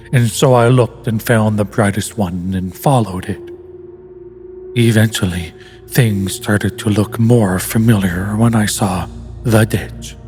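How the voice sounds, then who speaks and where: A man narrating a first-person horror story in a calm, measured way. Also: medium pitch. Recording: faint music underneath.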